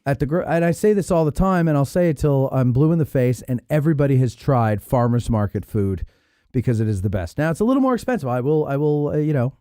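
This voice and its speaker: A man hosting a podcast, chatting casually and telling an animated story, acting out the people in it. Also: medium pitch, quick pace, clean tone, dry recording, studio quality. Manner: animated storyteller, acts out quoted voices. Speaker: podcast host. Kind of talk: casual chat.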